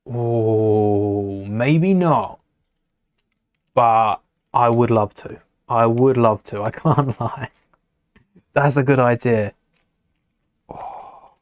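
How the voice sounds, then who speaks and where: A man's voice: mid-range voice, extremely slow, long pauses, clean tone, dry recording. A man talking casually to a live stream as he builds with LEGO, rambling, muttering to himself and greeting viewers in chat.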